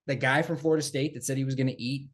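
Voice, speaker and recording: A man's voice: medium pitch, very fast. Emphatic man co-hosting a sports podcast. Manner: animated, emphatic, repeats phrases for effect. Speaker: podcast co-host. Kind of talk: casual sports chat.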